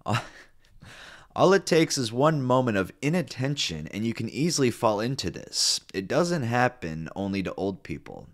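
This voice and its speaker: A man's voice: medium pitch, big pitch swings, normal speed. A man hosting a channel, reading an online story aloud and breaking off for playful, sarcastic comments, with plenty of fillers. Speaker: host reading and reacting to online stories. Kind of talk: casual read-aloud with joking asides.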